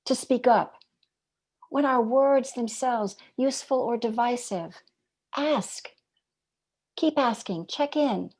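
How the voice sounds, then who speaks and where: A fairly high pitch with a breathy edge marks this woman's voice as she gives a reflective dharma talk as a meditation teacher. Her delivery is gentle and measured, with rhetorical questions and some phrases dropped to just above a whisper.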